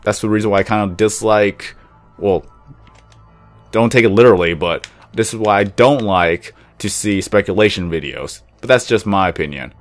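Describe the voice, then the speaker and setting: A man's voice: lowish voice, normal speed, faint music behind. A young man casually commenting while he plays a block-building game, rambling and chatty, sometimes cooing at his pet dog. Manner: rambling, chatty, self-described monotone when calm. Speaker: gaming YouTuber.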